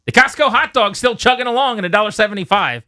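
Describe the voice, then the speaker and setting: A man's voice: high voice, fast talker, dry recording, clean studio sound. A man co-hosting a radio show, ranting sarcastically and joking in casual chat. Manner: animated rant, sarcastic, joking. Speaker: radio co-host. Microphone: studio microphone.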